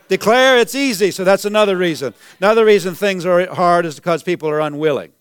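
A man preaching a sermon as pastor, emphatic and repetitive, building to shouted declarations. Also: high voice, quick pace, hardly any pauses, smooth, no echo. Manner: emphatic preaching, repeats phrases, rises to shouts.

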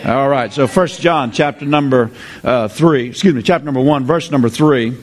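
A man preaching a sermon, lively, repeating his phrases and drawing responses from the congregation. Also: mid-range voice, moderate pace, some chatter behind.

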